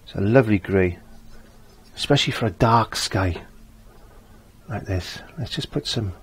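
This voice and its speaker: Husky older man teaching painting. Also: fairly low pitch, a little slow. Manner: chatty, repeats his phrases. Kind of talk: casual painting tutorial.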